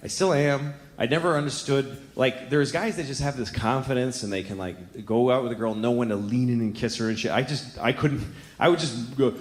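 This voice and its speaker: A man performing a stand-up comedy set on a club stage, telling crude, confessional stories in a handheld stage mic. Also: brisk. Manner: crude, confessional storytelling with lively pitch swings. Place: comedy club stage before a live audience. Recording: echoey live room with clear ambient noise.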